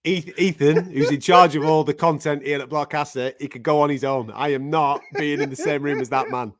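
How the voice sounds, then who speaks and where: A man's voice: a little high, fairly even intonation, a little fast, a crowd in the background. A man with a Mancunian accent hosting a live show, talking in casual, laddish banter. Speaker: host.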